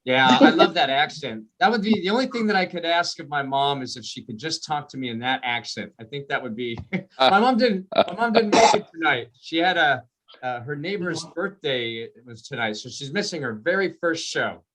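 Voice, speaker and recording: A man doing a stand-up comedy set on a video call, telling stories in an animated way and laughing at his own jokes. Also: on the high side, normal speed.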